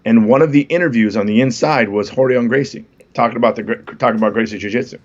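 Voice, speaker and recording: A man's voice: medium pitch, quick pace, highs cut off. A man in his fifties, a comedian guest, chatting casually on a podcast and telling stories with self-deprecating jokes. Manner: laid-back storytelling, self-deprecating jokes.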